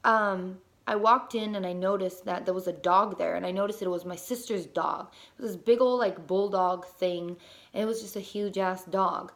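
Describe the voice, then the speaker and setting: At a moderate pace and medium pitch, a young woman relates a personal story about being a mother. Her telling is casual and lively, full of fillers and casual cursing.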